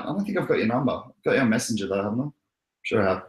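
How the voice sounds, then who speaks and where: A man's voice: mid-range voice, animated, very fast. An Australian man hosting a casual livestream, rambling and joking with frequent chuckles. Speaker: crypto livestream host. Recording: roomy echoey room.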